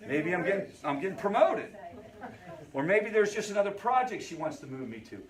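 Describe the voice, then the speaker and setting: A man's voice: sits high, sing-song, fairly quick. A man who leads a family recovery group, teaching in a conversational way and often checking in with the audience. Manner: conversational, storytelling asides.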